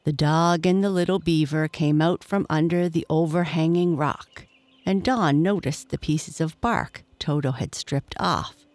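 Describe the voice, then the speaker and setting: Slow, low-voiced woman reading a storybook. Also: darkish tone, dry recording. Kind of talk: read-aloud storybook narration.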